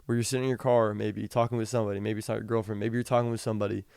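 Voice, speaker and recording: A young man hosting a podcast, talking casually about the Bible, reading scripture slowly and rambling with frequent restarts. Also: fairly low pitch, level tone, creaky, darkish tone, clean tone, no room sound, clean studio sound. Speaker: podcast host. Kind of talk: casual Bible teaching talk.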